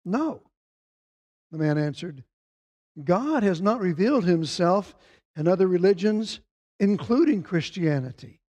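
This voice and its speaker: A man's voice: high voice, lively intonation, a little slow, a little mellow. A man preaching a Sunday sermon, reading scripture aloud and lifting his voice when he quotes the speakers. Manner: reads scripture aloud, quoting voices with rising emphasis. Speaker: pastor.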